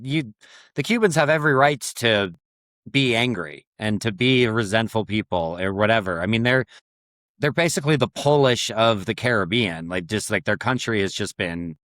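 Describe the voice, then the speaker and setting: A man's voice: lowish voice, animated, normal speed, a bit bright, no room sound. Earnest young man, dry close sound. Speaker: podcast co-host. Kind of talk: casual chat.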